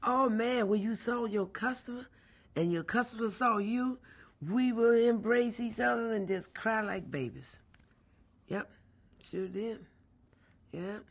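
A middle-aged mail carrier tells a personal story. The voice is gravelly and husky, and the delivery is animated, acting out what other people said. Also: medium pitch, measured pace, pauses often. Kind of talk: personal recollection, oral history.

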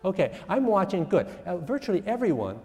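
A man's voice: high voice, fairly quick, over loud music. Older male professor in an echoey hall. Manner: lively, self-mocking, asks the class questions. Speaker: music professor. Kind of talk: classroom lecture. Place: lecture hall.

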